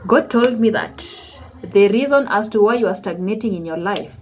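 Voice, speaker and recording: A woman's voice: medium pitch, normal speed, a little hiss or hum. Kenyan woman telling a faith story. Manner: animated, acts out her conversations with God. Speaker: vlogger. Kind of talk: personal testimony storytelling.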